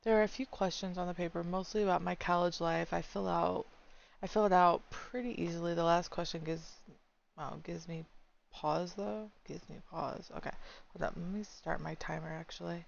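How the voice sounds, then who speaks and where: Young woman reading a visual novel out loud, wry asides, low gravelly voice. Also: fairly even intonation, normal speed, dull audio. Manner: chatty, wry, talks to herself.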